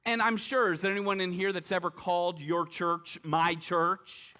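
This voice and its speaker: A man's voice: high-pitched, lively intonation, normal speed, few pauses, pushed and bright. A middle-aged male pastor preaching a sermon in a conversational way, asking the congregation rhetorical questions and dropping light humorous asides. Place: church service with congregation.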